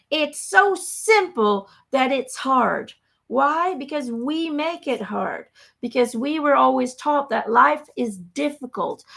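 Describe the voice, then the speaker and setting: A woman's voice: sits high, vocal fry, a bit bright. A woman giving a live spiritual talk, emphatic and repetitive, often checking in with "okay?". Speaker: spiritual channeler.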